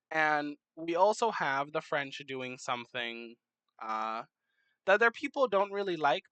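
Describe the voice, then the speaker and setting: A young adult talks through a map timelapse in casual commentary, rambling and correcting themselves as they go. The pitch sits in an ordinary middle range. The recording is dry and close, with no room sound. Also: bright, forceful tone, clean tone, no echo, poor audio. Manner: rambling, many fillers and self-corrections, joking asides. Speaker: narrator of a map timelapse series.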